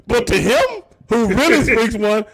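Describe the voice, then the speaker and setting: Male host, high-pitched, animated, profane, casual banter. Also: measured pace, vocal fry, a little hiss or hum. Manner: animated, loud, laughing, profane. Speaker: show host. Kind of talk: casual wrestling talk.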